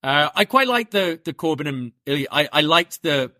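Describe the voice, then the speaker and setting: A man co-hosting a podcast, who recaps the show in a casual, animated storytelling way. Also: on the high side, moderate pace, no room sound, studio quality. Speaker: podcast co-host. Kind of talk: casual wrestling review chat.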